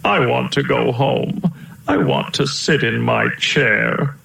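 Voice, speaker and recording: A man's voice: medium pitch, slow, vocal fry, fairly bright tone, full character voice. A man voicing a fussy, whiny old elephant king who wails for help, in a roomy-sounding recording. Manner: whiny, wailing. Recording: roomy echo.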